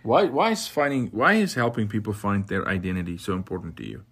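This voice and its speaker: A man's voice: lowish voice, expressive, fairly quick, fairly bright tone, husky. A man hosting a faith podcast, speaking in an impassioned, exhorting way. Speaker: podcast host.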